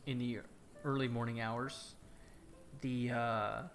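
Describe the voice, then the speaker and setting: A man narrating as game master of a tabletop fantasy game, halting and full of fillers and restarts. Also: mid-range voice, fairly even intonation, soft background music.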